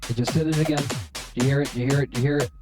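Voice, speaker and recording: A man talks casually through a live music stream, rambling in a profane, self-mocking way. His voice sits at a medium pitch for a man. Faint electronic beats run behind him. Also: fairly even intonation, fast.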